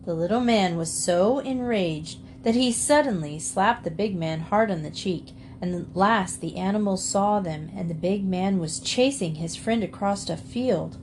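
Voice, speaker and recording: A woman reading a children's storybook aloud in a calm, measured way. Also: medium pitch, slight background noise. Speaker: storybook reader.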